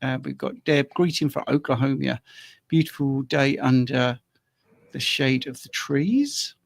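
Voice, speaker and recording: A man's voice: medium pitch, lively intonation, unhurried, creaky, no echo. An older man from the UK hosting a live online Q&A, chatting casually and reading out viewer comments into a desk microphone. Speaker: host. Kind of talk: live stream Q&A chat.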